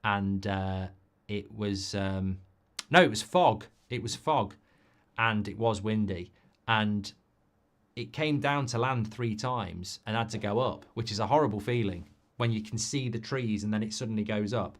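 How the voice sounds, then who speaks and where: A man hosting a live football watchalong, chatting with viewers in a sweary, cynical, rambling and animated way, from England. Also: on the low side, unhurried. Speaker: watchalong host.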